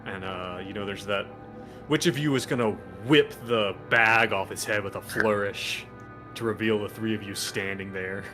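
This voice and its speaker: A man's voice: on the low side, normal speed, bright, forceful tone, faint music behind. A man acting as game master, narrating a tabletop game in a casual, rambling way full of fillers.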